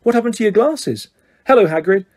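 An eager schoolgirl witch from a storybook, quick and bright in her asking, as a man puts her on. Pitched higher, with a husky edge. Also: animated, no room sound, studio quality.

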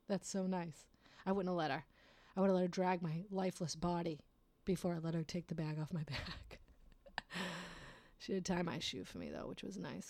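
A woman's voice: lowish voice, vocal fry, a little mellow, dry recording. A woman telling a rambling personal story in a casual way, swearing often and laughing at herself.

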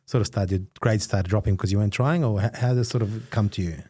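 Husky low-voiced man hosting an interview. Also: quick pace, dry recording, clean studio sound. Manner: warmly affirming, with short interjections and faltering questions. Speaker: interview host. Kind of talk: conversational interviewing.

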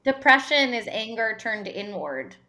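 A woman's voice: fairly high pitch, very animated, measured pace, bright, forceful tone. A woman as a podcast guest in casual chat, with a chatty, offhand manner.

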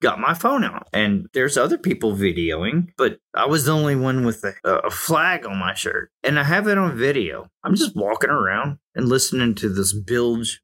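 A man's voice: medium pitch, sing-song, moderate pace, few pauses, fairly bright tone, breathy edge. A man in his forties from the United States, giving an emphatic, opinionated monologue that rises to heated outbursts. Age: 40s.

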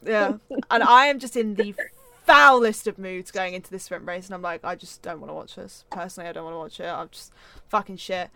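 A young woman from England co-hosting a casual podcast chat, telling an excitable story, swearing freely and acting out her own reactions. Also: on the low side, fairly quick, gravelly, no echo. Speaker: podcast co-host.

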